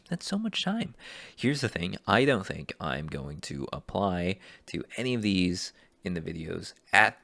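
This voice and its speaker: A man who wants to be a voice actor, reading casting calls aloud and thinking out loud in an unsure, rambling way. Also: on the low side, vocal fry, no echo. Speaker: aspiring voice actor.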